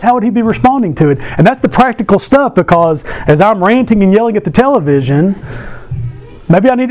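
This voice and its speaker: A man's voice: high voice, darkish tone. A man giving a casual devotional talk to a Bible class, asking many rhetorical questions and adding joking asides.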